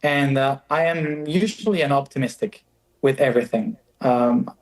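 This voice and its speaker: A man speaking as a guest in a calm, measured, reflective conversation. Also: medium pitch, low-quality recording.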